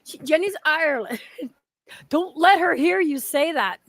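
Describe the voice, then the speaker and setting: High-voiced woman hosting a chatty stream. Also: expressive, a little slow, a bit bright, no echo. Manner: rambling, swears, laughs often. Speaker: stream host. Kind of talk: casual chat.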